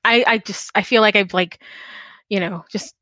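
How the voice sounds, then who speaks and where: A woman's voice: medium pitch, normal speed, pushed and bright, no echo. A woman hosting a casual podcast interview, gushing and laughing often. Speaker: podcast host.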